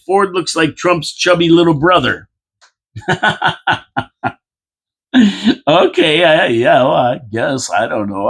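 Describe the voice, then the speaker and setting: A man hosting a casual local politics show, rambling and chatty, repeating phrases and reading out viewer comments with mock-indignant asides. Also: medium pitch.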